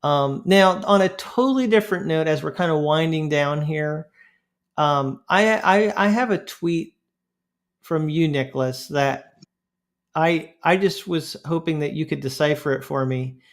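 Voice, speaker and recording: A man's voice: on the high side, unhurried. A man hosting a casual podcast chat, asking questions and laughing easily. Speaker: podcast host.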